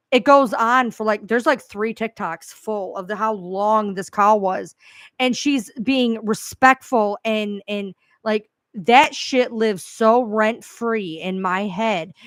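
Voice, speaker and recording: A woman's voice: mid-range voice, fairly bright tone, no room sound, studio quality. Blunt, profane woman in casual chat. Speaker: true crime creator.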